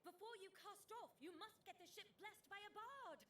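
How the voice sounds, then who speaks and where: A woman's voice: very high-pitched, normal speed. A woman voicing a hearty nautical female dockmaster in a video game, calling out in an exclamatory way. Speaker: game character. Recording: game audio with steady noise.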